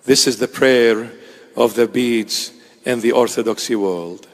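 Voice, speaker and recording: A man's voice: medium pitch, steady tone, a little slow, long reverb tail. A man preaching a sermon to his congregation in an emphatic, rhetorical style, repeating key phrases.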